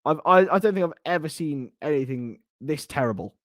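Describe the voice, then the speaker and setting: A young man hosting a casual live stream, chatting and joking as he answers viewer comments in quick bursts. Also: fairly high pitch, lively intonation, no room sound, clean studio sound. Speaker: host of a fan channel.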